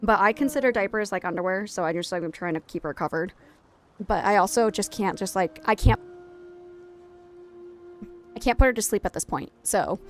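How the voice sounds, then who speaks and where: A woman streaming from home late at night, chatting casually, laughing often and cooing softly to her toddler. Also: mid-range voice, expressive, normal speed, pauses often, soft background music. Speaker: game streamer and mother. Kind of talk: casual live-stream chat.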